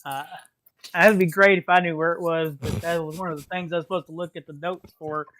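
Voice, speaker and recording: A man's voice: a little high, fairly even intonation, fairly quick, a bit bright. A man running a tabletop game as dungeon master, narrating in a chatty, self-deprecating way.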